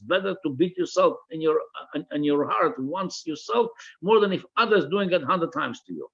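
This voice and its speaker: A man's voice: a little high, moderate pace, slightly rough, highs cut off. A man teaching a religious text class, reading each phrase aloud and translating it line by line, often repeating words while he searches for the right translation. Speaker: Torah teacher.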